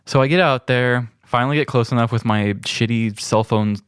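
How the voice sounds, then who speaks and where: A man co-hosting a podcast, telling a story in a wry, deadpan way. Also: mid-range voice, moderate pace, clean tone, dry recording, clean studio sound. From grew up on a farm. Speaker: podcast co-host. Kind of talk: casual storytelling chat.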